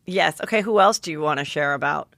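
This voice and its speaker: A woman in her forties hosts a casual gossip podcast with a fairly low voice. She talks animatedly, stumbling and restarting as she jumps between stories. The sound is dry and close. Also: fast, gravelly, fairly bright tone, no room sound. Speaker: podcast host.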